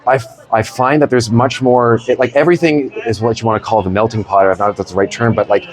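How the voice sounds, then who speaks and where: A man's voice: mid-range voice, fairly even intonation, fast, rough recording. A man hosting a casual interview, rambling and searching for his words. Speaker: host. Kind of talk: casual chat.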